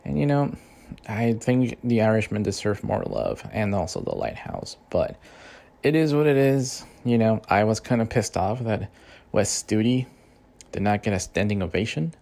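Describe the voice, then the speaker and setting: A man with a lowish, gravelly voice vents in a loose, heated rant. He swears constantly and strings thoughts together with fillers, sounding like an unscripted host talking straight to his audience. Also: darkish tone. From Mexican-American. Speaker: podcast host. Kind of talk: profane casual rant.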